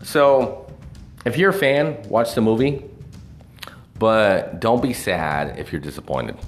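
Casual vlogger, male, low register, swears constantly and rambles with restarts; faint room noise. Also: takes it slowly. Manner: profane, rambling, animated. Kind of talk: casual movie review rant.

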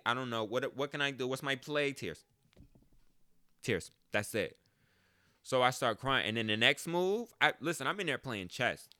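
A man's voice: fairly low pitch, sharp tone, no room sound. A man hosting a podcast, telling a story in a casual, joking monologue and swearing freely. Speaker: podcast host.

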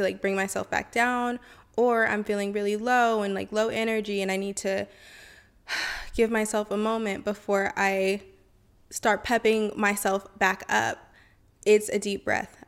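A woman's voice: medium pitch, creaky. A woman hosting a self-help podcast, chatty and encouraging, often saying y'all and okay. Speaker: podcast host.

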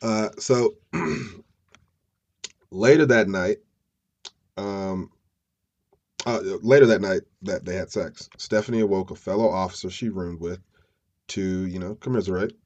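A podcast host with a low, slightly mellow voice takes his time, pausing often, as he casually retells a true-crime story. He's profane and slangy, dropping chuckling asides along the way, and the audio has a lo-fi sound.

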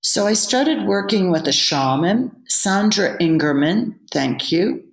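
A woman's voice: medium pitch, lively intonation, slow pace. A woman, a yoga teacher, telling a candid personal story as an interview guest. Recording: roomy echo.

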